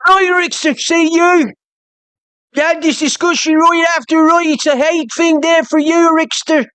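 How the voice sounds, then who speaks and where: Shrill caricature of a ranting Irish scold, high and jeering, put on by a woman; dry close sound. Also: fairly even intonation, measured pace, fairly bright tone, no echo. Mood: mocking rant. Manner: mocking, scolding, repetitive.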